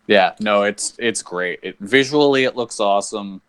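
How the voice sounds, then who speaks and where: A man's voice: fairly low pitch, moderate pace, a bit bright, clean tone. A man co-hosting a podcast, talking enthusiastically and with profanity in casual chat. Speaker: podcast co-host.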